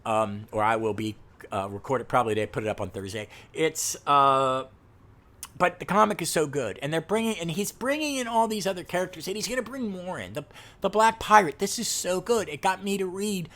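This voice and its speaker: A man's voice: a little high, lively intonation, fairly quick, a bit bright. Enthusiastic man hosting a podcast. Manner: enthusiastic, pleading with listeners. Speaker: podcast host. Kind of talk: casual comic book review podcast.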